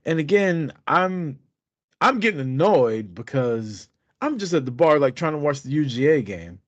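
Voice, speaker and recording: A man's voice: fairly high pitch, sing-song, moderate pace, no room sound, dull audio. A man co-hosting a podcast, telling a rambling, profane story in casual chat. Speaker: podcast co-host.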